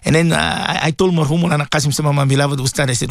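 A male radio presenter giving an impassioned sermon, emphatic and repetitive, dropping low and solemn then rising to high exclamations. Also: fairly even intonation, racing, dry recording, studio quality.

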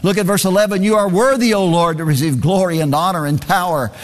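A man's voice: high-pitched, fast talker, big-room sound. A man preaching a sermon, reading scripture aloud and driving his points home by repeating key phrases.

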